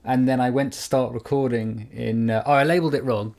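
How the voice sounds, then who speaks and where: Animated British man telling a story. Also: medium pitch, brisk, vocal fry. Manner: animated storyteller, acts out quoted voices. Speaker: podcast co-host. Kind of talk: casual chat. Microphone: studio microphone.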